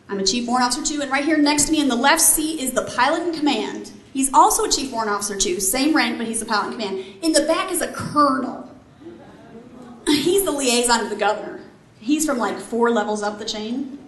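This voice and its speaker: Speaking high and a little fast, this former Army helicopter pilot delivers a keynote to a live audience in a big room. Her fairly bright, animated voice carries a touch of hiss or hum, and the echoey hall holds faint ambience. She is middle-aged and tells a lively story while putting questions to her listeners.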